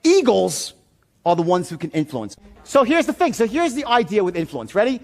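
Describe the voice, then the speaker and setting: A man with a high voice gives a live sales seminar. He tells stories in an animated, profane way, jumping from loud bursts to low, confiding asides. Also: moderate pace. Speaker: sales and persuasion trainer.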